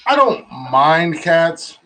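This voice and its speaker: A man's voice: on the high side, big pitch swings, drawn-out words, bright, forceful tone, low-quality recording. Blunt, swearing podcast co-host man. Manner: blunt, swears, chuckles through his stories. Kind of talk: casual chat.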